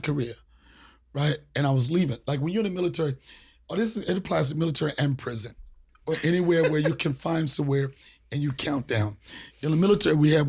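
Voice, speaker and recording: A man from the Washington, D.C. area hosts a casual podcast chat and tells a story in an animated, profane way. His voice is gravelly and husky and sits fairly high. He slips into other characters' voices as he goes. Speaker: podcast host.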